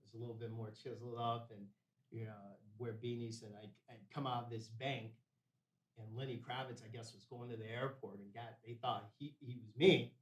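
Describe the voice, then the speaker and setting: A man's voice: medium pitch, fairly even intonation, fairly quick, far from the mic. A man, a podcast guest, telling a personal story in a casual, laid-back way, dropping "man" and "bro" throughout. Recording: roomy echo.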